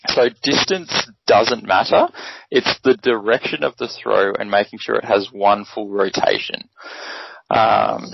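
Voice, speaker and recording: A man's voice: fairly low pitch, unhurried, vocal fry, noisy background. A man co-hosting a casual sports podcast, explaining things at an easy pace with plenty of ums. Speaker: podcast co-host. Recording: dry, dull lo-fi podcast audio.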